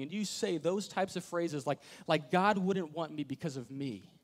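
A man's voice: a little high, moderate pace, hardly any pauses. A young adult man preaching a sermon, acting out quoted voices and dropping to near whispers. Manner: animated storyteller, acts out quoted voices, drops to near whisper. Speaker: pastor.

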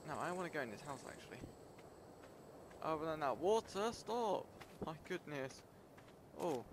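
Excitable young man narrating a game. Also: moderate pace. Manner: excitable, jumpy, talks to himself, breaks into high panicked yelps. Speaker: gameplay streamer. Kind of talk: casual let's-play commentary. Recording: loud game ambience and insect noise behind.

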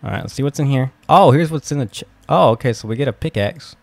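Excitable young man narrating gameplay. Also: mid-range voice, fast, creaky, no room sound. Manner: excitable, flustered, exclaims and swears at the game. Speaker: gaming video host. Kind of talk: casual game commentary.

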